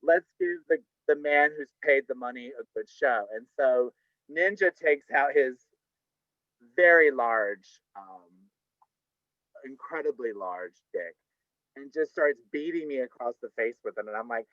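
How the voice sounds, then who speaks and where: A man's voice: medium pitch, expressive, unhurried, no room sound. An older man telling a camp, chatty personal story at a live storytelling night over a video call. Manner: campy, chatty, says "honey, okay?" often. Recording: dull, dry video call audio.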